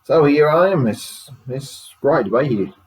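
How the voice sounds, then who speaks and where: A man voicing a relaxed, rambling radio guest. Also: a little slow, natural voice, rough recording. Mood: easygoing. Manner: relaxed, rambling, low-key. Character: laid-back Australian man, chatty radio guest.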